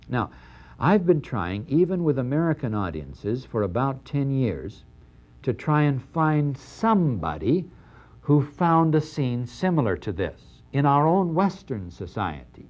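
An older man giving a lecture on scripture, animated and acting out the dialogue in dramatic voices. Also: medium pitch, muffled recording. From Middle East. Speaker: lecturer on the New Testament. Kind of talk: university-style lecture.

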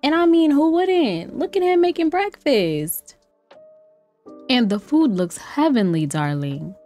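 A young woman giving casual commentary on a life-simulation game, chatty and playful, laughing often and breaking into excited exclamations. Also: sits high, slow. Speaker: let's play streamer. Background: faint lofi background music.

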